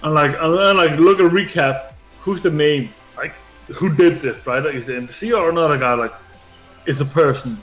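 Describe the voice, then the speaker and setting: A man's voice: fairly high pitch, normal speed, a bit bright. A man telling a gaming story in casual chat, rambling and swearing, with lots of filler words. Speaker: gaming streamer. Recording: echoey room with faint game music.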